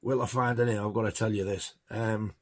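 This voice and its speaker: A man's voice: on the low side, steady tone, brisk. A man giving a casual, rambling film review, hesitant with many fillers. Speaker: film collector reviewing horror films.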